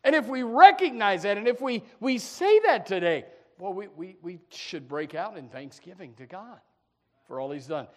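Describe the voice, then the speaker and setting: A man preaching a sermon, swinging from quiet asides to loud fervent cries, with many restarts. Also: high voice, animated, normal speed.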